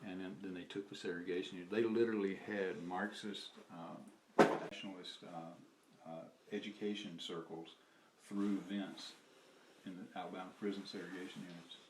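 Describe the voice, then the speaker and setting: A man's voice: low voice, fairly even intonation, moderate pace. An older man with a Southern US accent, telling a rambling personal story with chuckles and profanity. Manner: chuckling, profane, trails off and restarts. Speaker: interviewee recalling activism. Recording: roomy, distant mic with faint noise.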